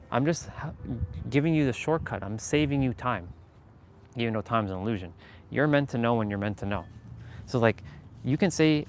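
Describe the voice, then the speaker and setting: A man's voice: mid-range voice, a little hiss or hum. A man hosting a casual motivational live stream, talking earnestly and rambling with lots of fillers and laughs.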